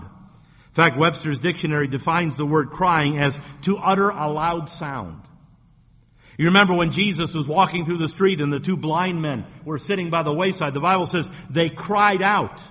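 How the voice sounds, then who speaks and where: A man's voice: a little high, normal speed, a bit bright. Earnest male preacher in a reverberant hall. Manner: earnest preaching with repeated words and rising emphasis. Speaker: pastor. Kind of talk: sermon.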